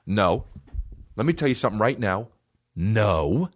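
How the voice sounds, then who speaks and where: A man's voice: fairly low pitch, a little slow, no echo. Foul-mouthed guy hosting a podcast, big swoopy voice, ranting and making fun of folks. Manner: profane, animated, mocking. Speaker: podcast host. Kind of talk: solo comedic rant.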